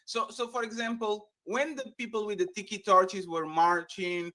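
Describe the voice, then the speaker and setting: A man with a notably high-pitched voice arguing his point on a live panel. He talks in an animated, pushy way, tripping over words and restarting as his thoughts rush ahead. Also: moderate pace. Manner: animated, argumentative, stumbles and restarts often. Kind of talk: casual debate.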